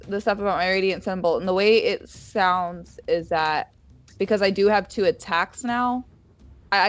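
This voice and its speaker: A woman playing a tabletop game, chatting, laughing and thinking aloud about the rules. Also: on the low side. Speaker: player. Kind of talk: casual play at a gaming table. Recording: dull lo-fi sound.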